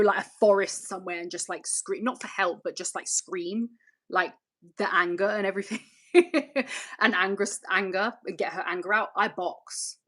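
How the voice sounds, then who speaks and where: A woman's voice: medium pitch, fairly bright tone. A woman hosting a casual livestream, reading viewer comments and chatting candidly, rambling and swearing freely. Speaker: channel host.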